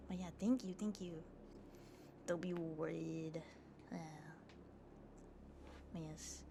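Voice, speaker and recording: Woman, soft-spoken ASMR streamer, giggly, lowish voice, faint hiss. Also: level tone, slow pace, vocal fry, pauses often. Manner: soft, giggly, chatty with fillers. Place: her bedroom. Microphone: ASMR microphone.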